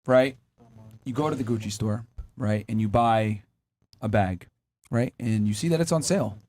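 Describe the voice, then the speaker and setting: A man hosting a heated panel debate, telling an animated, profane story to make his point. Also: fairly low pitch, normal speed, a little hiss or hum. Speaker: podcast host.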